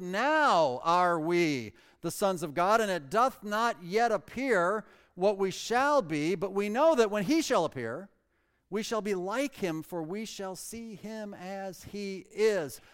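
A pastor preaching a sermon, emphatic and swinging between loud and soft, reading scripture aloud in old-fashioned wording. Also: male voice, high voice, animated, a little slow, clear, resonant tone. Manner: reads scripture aloud in King James wording. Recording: long reverb of a large hall.

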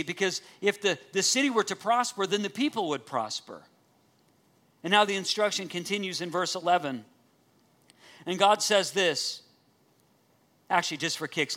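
High bright-voiced preaching man. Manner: preaching with earnest emphasis, repeating key phrases; asks the congregation direct questions. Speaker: pastor. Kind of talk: sermon.

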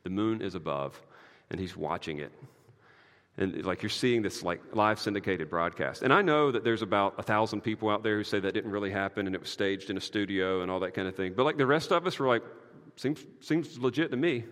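A man preaching a sermon, emphatic and conversational, with casual asides and many "like"s, swinging from quiet to loud. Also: lowish voice, animated, a little fast, in a large hall.

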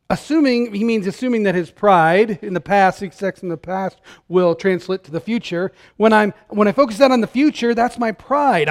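High-voiced man preaching a sermon. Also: moderate pace, hardly any pauses. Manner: conversational, direct address to congregation; swings from loud emphatic calls to hushed tender lines. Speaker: pastor.

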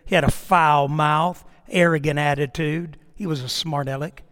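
A man's voice: fairly high pitch, steady tone, moderate pace, a bit bright, in a large hall. A middle-aged man, a pastor telling a story in a sermon with emphatic, dramatic delivery.

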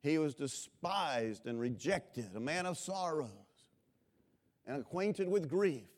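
A man preaching a revival sermon in a slightly higher-pitched voice. He swells into loud, impassioned cries, then sinks to a hushed, tender storytelling tone. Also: expressive, slow. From Florida, USA.

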